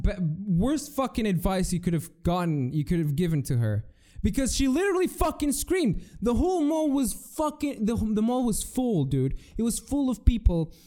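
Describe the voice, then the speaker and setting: With a warm tone and a voice that sits high, a young man rants casually on his solo podcast. His stories ramble, include profanity and keep restarting.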